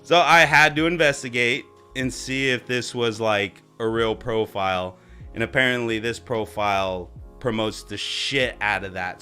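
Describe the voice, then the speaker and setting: A man streaming and chatting casually, joking and swearing often, sometimes jumping into high mock voices. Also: sharp tone. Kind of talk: casual chat.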